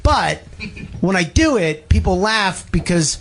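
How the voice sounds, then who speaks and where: A man's voice: high-pitched, big pitch swings, measured pace, a bit bright, a little hiss or hum. A man, a comedian, telling a story on a radio talk show, swearing a lot, laughing, and acting out the people he quotes. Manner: profane, laughing, acts out quoted voices. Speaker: guest comedian.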